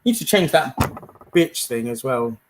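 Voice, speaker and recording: A man's voice: medium pitch, animated, a little slow, background noise. A man on a live panel chat, laid-back, laughing often and slipping into Punjabi. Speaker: panel participant.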